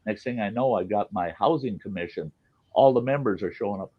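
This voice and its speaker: A man's voice: on the low side, brisk, husky, dry recording, highs cut off. A man hosting a podcast, telling a work story in casual chat, blunt and profane, acting out the people he quotes. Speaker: podcast host.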